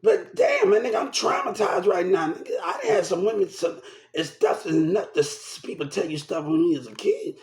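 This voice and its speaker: A man's voice: sits high, brisk, a little mellow, roomy sound. An upset man ranting to the camera, agitated and repeating himself, shaken and swearing. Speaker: vlogger. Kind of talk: angry rant to camera.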